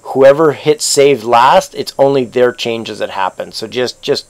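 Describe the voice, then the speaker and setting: Gravelly-voiced male game master. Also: medium pitch, unhurried. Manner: rambling, with many fillers and restarts. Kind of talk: running a tabletop game online.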